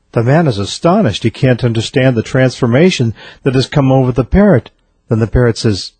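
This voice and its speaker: A man reading a series of jokes aloud in a steady storytelling delivery. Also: medium pitch, brisk, breathy edge, dry recording. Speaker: joke teller.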